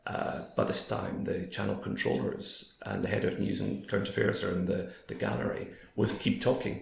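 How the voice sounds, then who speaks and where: Hoarse, gravelly man. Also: fairly low pitch, normal speed, slight background noise. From Scotland. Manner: anecdotal, quoting others in lively voices. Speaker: guest, former broadcaster. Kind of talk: storytelling in a casual interview. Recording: roomy echo.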